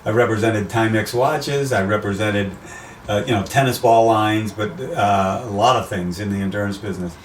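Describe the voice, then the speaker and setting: An older American man, a race announcer, telling animated stories in a casual interview. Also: fairly low pitch, moderate pace, recorded from a distance. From USA. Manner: animated anecdotes, acts out quoted voices. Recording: roomy, off-mic, faint background noise.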